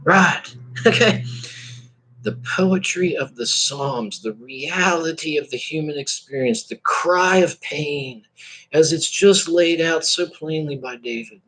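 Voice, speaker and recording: A man talks through a loose, reflective spiritual monologue. He trails off and restarts, hums lines of song, and laughs between thoughts. His voice sits a touch high and has a husky grain. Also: fairly bright tone. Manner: meandering, halting, with bits of sung lyric and laughter. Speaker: vlogger.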